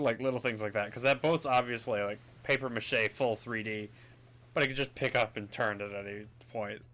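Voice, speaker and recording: A man's voice: mid-range voice, normal speed, fairly bright tone. A man giving chatty, rambling commentary while playing a video game. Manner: chatty, rambling, self-amused. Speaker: gaming video host. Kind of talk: casual let's-play commentary.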